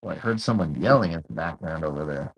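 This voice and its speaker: Playful male co-host, husky voice, lively swoops in pitch. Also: quick pace, poor audio. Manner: joking, playful. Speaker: livestream co-host. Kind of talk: casual chat.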